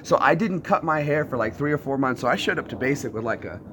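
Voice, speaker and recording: A man hosting a casual livestream chat outdoors and telling animated stories with frequent laughs. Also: mid-range voice, fast talker, background noise. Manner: animated storyteller, laughs often. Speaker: livestream host. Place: outdoors on private property.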